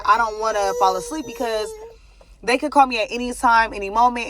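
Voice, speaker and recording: A woman's voice: mid-range voice, a bit bright. A young woman talking to camera in a rambling, casual way, with many likes and ums, telling her followers about her family. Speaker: vlogger giving a life update.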